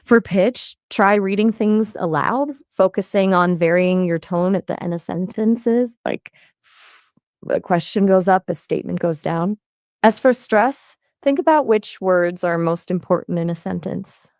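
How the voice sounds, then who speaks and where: A woman's voice: a little mellow, no echo, clean studio sound. Playful upbeat AI woman voice. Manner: upbeat, playful, quick shifts in pitch. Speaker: AI conversation partner. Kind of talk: chatty voice assistant conversation.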